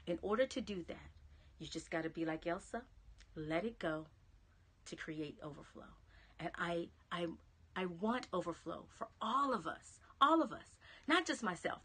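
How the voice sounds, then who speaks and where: A woman's voice: lowish voice, sharp tone. A woman with a Southern American accent giving an encouraging live-stream pep talk, chatting to viewers and dropping to a whisper on key phrases. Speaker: motivational speaker. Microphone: phone or webcam live stream.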